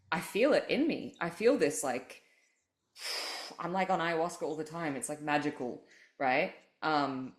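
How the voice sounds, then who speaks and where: A woman hosts a casual spiritual podcast, speaking low and frank. She swears freely and tells stories with animation. Her voice carries a roomy echo. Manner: candid, profane, animated storytelling. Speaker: podcast host.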